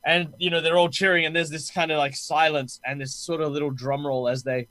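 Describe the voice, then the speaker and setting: A man's voice: on the high side, little pitch movement, fairly quick, a bit bright, no room sound. A man narrating as game master of a tabletop game, talking in a hesitant way with many fillers.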